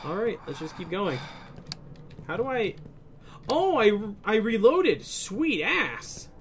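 A young man doing let's play commentary on a horror game, excitable, swearing often and breaking into laughter. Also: high-pitched, slow pace, a little hiss or hum. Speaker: gaming video host.

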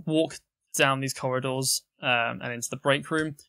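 A man narrating as game master of a tabletop game, halting, with many restarts. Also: medium pitch, fairly even intonation, vocal fry, sharp tone, clear, resonant tone, dry recording, studio quality. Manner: halting, full of fillers and restarts.

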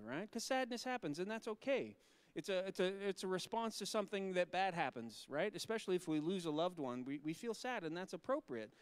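A male pastor talking gently with children and asking them questions, then reading scripture slowly and solemnly. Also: sits high, clean tone, dry recording.

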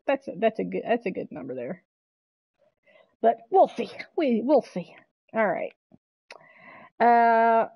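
Woman, live-stream chat, excitable, swears, fairly high voice, dull dry mic. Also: no echo. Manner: chatty, excitable, swears freely, talks back to chat.

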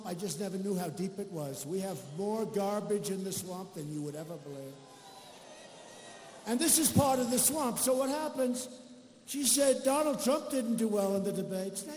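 High, booming rally speaker in an echoey arena. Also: male voice, darkish tone, slight background noise. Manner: boastful, rambling, mocking asides. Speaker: politician. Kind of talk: campaign rally speech. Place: large indoor rally venue. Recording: echoey arena with crowd ambience.

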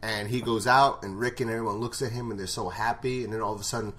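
A man's voice: on the low side, steady tone, quick pace, a bit bright. Blunt, profane man recapping a show. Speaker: show reviewer. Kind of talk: casual episode recap.

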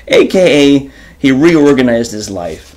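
A man hosting an informal enrichment lesson, animated and chatty as he reads from a children's book. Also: mid-range voice. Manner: animated, informal, many fillers. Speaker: host and teacher.

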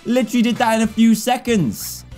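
A young man in his twenties giving excitable, jokey let's-play commentary, laughing often as he plays. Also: very high-pitched, fairly quick, soft background music. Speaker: gaming YouTuber.

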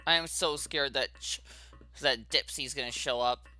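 A man hosting his gaming channel, narrating a horror game as he plays, jittery and saying how scared he is, with sudden loud yelps. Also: mid-range voice, normal speed. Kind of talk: horror game let's play commentary.

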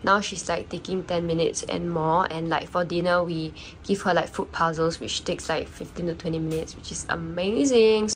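A woman's voice: lowish voice, fairly even intonation, moderate pace, hardly any pauses, slight background noise, poor audio. A young woman, chatting casually in a vlog and explaining things with lots of "like" fillers. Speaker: vlogger.

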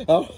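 A man's voice: warm tone, a little hiss or hum. A man vlogging a spicy food challenge, his mouth burning, nauseous and groaning as he complains. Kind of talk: casual reaction video.

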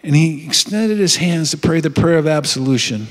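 A man's voice: a little high, expressive, moderate pace. A man giving a heartfelt personal testimony at a retreat, telling his story earnestly with frequent restarts. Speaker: retreat speaker. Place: conference hall. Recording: long hall reverb.

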